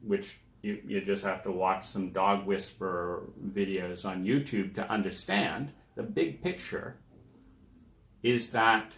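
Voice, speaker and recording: A man's voice: lowish voice, a bit bright. Man musing in an echoey room. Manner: conversational, emphatic, acts out quoted people. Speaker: podcast host. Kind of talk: reflective self-help monologue.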